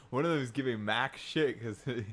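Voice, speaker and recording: A man's voice: mid-range voice, measured pace. A man co-hosting a podcast in casual chat, teasing with dry jokes and laughing a lot. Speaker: podcast co-host.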